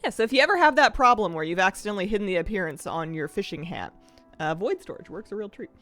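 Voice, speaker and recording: A woman's voice: medium pitch, expressive, quick pace, fairly bright tone, soft background music. A woman streaming a game live, chatting in a rambling way and laughing often. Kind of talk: casual live-stream chat while gaming.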